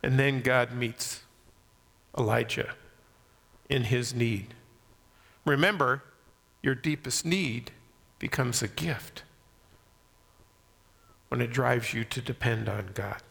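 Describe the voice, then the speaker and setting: A man preaching a sermon, swinging from loud emphasis to soft near-whispers. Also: mid-range voice, slow pace, vocal fry, pauses often, breathy edge, big-room sound. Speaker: pastor.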